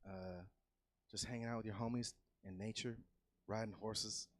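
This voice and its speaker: A man doing a loose, profane stand-up set on a comedy club stage, swinging from easy chatter into loud yelled bits. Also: lowish voice, steady tone, normal speed, dry recording. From California.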